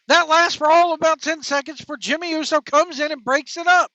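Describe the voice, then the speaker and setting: High, bright-voiced wrestling vlogger. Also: brisk, no room sound. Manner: informal, slangy, emphatic. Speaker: wrestling show host. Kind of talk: casual wrestling commentary. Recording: dull lo-fi, dry.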